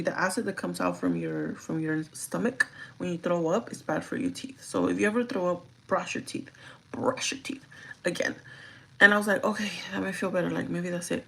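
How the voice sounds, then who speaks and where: A young adult woman livestreaming her makeup routine, telling a story in a chatty, profane, animated way. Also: fairly low pitch, creaky, poor audio. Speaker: livestreaming beauty vlogger. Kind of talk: casual storytelling while doing makeup.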